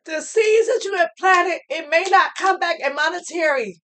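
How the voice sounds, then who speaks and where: A woman's voice: very high-pitched, normal speed, a bit bright. A woman giving a heartfelt motivational talk to camera, earnest and preachy, repeating phrases for emphasis. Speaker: motivational speaker.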